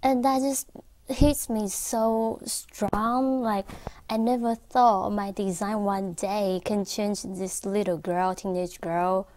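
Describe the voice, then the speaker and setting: A woman, an accessory designer, telling a story as an interview guest in a filming studio. Her English is halting and full of fillers. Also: medium pitch, steady tone, darkish tone. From Taiwan. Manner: halting non-native English with frequent fillers.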